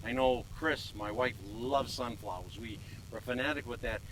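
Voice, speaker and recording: A man's voice: mid-range voice, moderate pace, fairly bright tone, a little hiss or hum, low-quality recording. An older man hosting a garden show outdoors on a farm, casual, playful and self-mocking.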